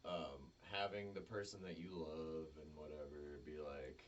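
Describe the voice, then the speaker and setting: A man's voice: extremely low pitch, steady tone, a little slow, far from the mic, muffled recording, slight background noise. A man with a Southern US accent chatting casually as co-host, joking and rambling loosely. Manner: joking, laughs easily, loose rambling delivery. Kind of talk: casual chat.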